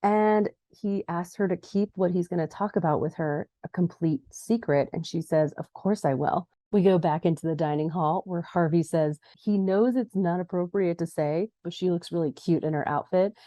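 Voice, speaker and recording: A young woman with a low-pitched, mellow voice chats her way through a TV episode recap, jumping up into higher tones when she acts out the characters. The recording is close and dry, with no room sound. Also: moderate pace, few pauses, no room sound. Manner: chatty, acts out quoted lines in a higher voice. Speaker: podcast host recapping a TV episode. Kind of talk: casual recap narration.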